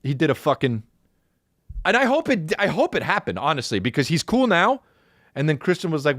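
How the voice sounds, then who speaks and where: A man's voice: on the high side, brisk, no room sound, studio quality. A man hosting a podcast, telling a comic story with heavy swearing and acted-out voices of the people and the dog in it. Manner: profane, animated storyteller who acts out others' voices. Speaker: podcast host. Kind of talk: comedic storytelling.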